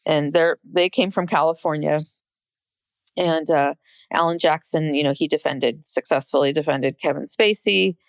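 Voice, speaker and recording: A woman's voice: deep voice, fairly even intonation, moderate pace, no echo, muffled recording. A woman co-hosting a podcast, talking casually about a court case, with many fillers and restarts. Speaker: podcast co-host.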